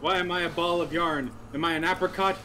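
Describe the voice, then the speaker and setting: A man's voice: sits high, fairly even intonation, fairly quick, sharp tone, slight background noise. A man playing online golf with friends, goofy, yelping in panic at his shots. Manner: goofy, yelps and quotes film lines. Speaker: player. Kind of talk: casual gaming chat with friends.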